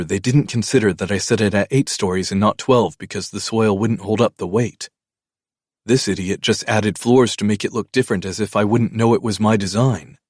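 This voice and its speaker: A man reading a first-person audiobook in a measured, even storytelling manner. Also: on the low side, dry recording, studio quality. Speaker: audiobook narrator.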